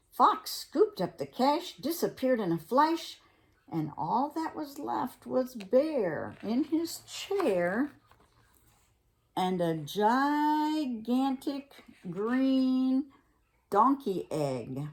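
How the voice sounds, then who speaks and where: Slow, playful grandmother storyteller. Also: on the low side. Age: older. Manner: playful, expressive, chatty asides. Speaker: children's story reader. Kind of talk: reading a picture book aloud to children.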